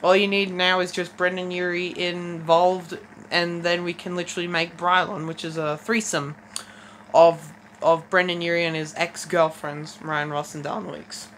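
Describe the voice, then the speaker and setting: With a lowish, slightly bright voice and a flat delivery, a teenage girl casually reads fanfiction, tripping over words, starting again, and making wry remarks between passages. The recording is rough, with faint background noise.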